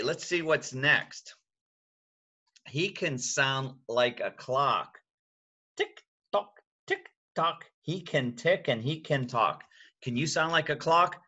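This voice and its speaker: Older man, grandfatherly bedtime reader, slow and bright, playful sound effects, coaxes kids along. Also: a little high, lively intonation, husky, lo-fi sound. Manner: playful, coaxing children to copy animal and sound effects. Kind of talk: read-aloud bedtime story.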